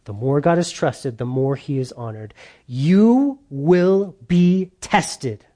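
A man's voice: a little high, animated, slow pace, dark tone. A male pastor preaching a conversational sermon, repeating key lines for emphasis.

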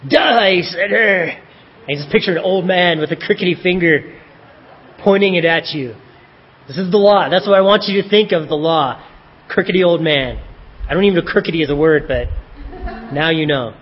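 A man's voice: a little high, normal speed, long pauses, breathy edge, muffled recording. A man preaching a sermon in a conversational style, with self-deprecating joking asides.

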